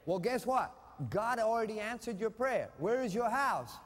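Man preaching, call-and-response, high voice, echoing church hall. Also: lively intonation, normal speed. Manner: call-and-response preaching, swings from shouting to hushed. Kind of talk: sermon.

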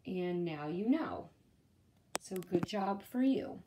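Slow, mellow-voiced woman reading aloud. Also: on the low side, expressive, slight background noise. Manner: gentle, slow, teacherly. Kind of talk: children's read-aloud.

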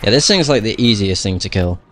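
A man's voice: lowish voice, animated, brisk, a bit bright, slight background noise. A young man giving casual gameplay commentary, swearing a lot, grumbling at the game and laughing at himself. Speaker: gamer playing through a video game.

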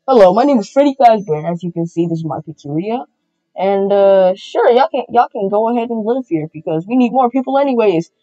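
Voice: mid-range voice, lively intonation, a little fast, dark tone, no echo, natural voice. A performer voicing a welcoming male bear animatronic who runs a pizzeria in a fan-made game roleplay, talking in an easygoing way. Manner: easygoing, casual. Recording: slightly muffled with faint music.

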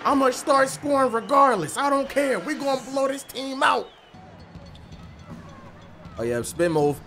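A man giving excited gameplay commentary, hyping plays and often shouting. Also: extremely high pitch, a little slow, gravelly, soft background music. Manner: hypes plays with frequent shouting. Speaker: gaming video creator.

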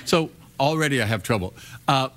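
A man as a guest on a late-night talk show, talking in a halting, deadpan, self-deprecating way. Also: a little high.

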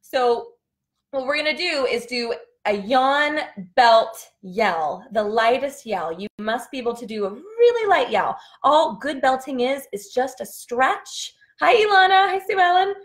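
Speaking a little slowly, this young woman has a highish voice with lively intonation. Though she sounds tired, she teaches a live singing lesson, walking through vocal exercises and demonstrating by singing and yelling notes in between.

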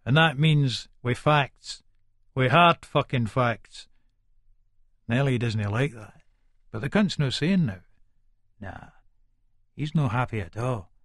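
A man's voice: mid-range voice, lively intonation, slow pace, pauses often, fairly bright tone, no room sound, studio quality. An actor with an Edinburgh Scots accent narrating as a volatile, foul-mouthed Leith man in middle age, in a full-cast audiobook. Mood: menacing. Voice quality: coarse, swearing, menacing. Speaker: first-person narrator.

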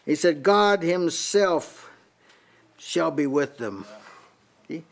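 An older man delivers a Bible-study sermon to a small house-church group. His voice sits a little high, and he stumbles over repeated words as he reads out scripture. He compares one version after another. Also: lively intonation, very slow. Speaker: preacher.

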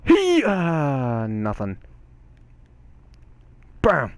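Excitable young man swearing at a game. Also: medium pitch, extremely slow, dry recording. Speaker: gaming channel host. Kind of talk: gameplay commentary.

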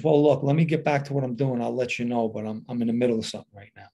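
A man's voice: medium pitch, husky. A middle-aged man, telling a personal story in a casual monologue and acting out the quoted dialogue. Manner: animated retelling with quoted dialogue.

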